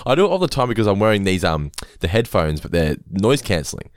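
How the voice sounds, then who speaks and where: A man with a lowish voice co-hosts a casual podcast, recapping a sitcom episode. He laughs a lot, swears freely and acts out the lines with lively, swinging intonation. The sound is dry and close. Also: brisk, no room sound. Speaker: podcast co-host.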